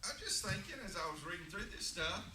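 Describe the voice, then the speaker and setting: A man's voice: sits high, big pitch swings, fast, sharp tone. A middle-aged man, teaching a couples Sunday school class in a folksy, joking way. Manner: folksy, joking, drawling asides. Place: church classroom. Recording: echoey room, distant mic, noisy.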